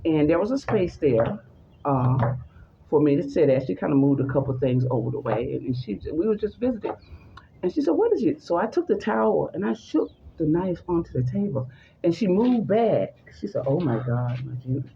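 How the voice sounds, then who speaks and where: Woman, gravelly voice, telling a true story in conversation, faint hiss on a dull recording. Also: lowish voice, normal speed. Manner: animated, acts out the voices in her story. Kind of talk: personal story told in conversation.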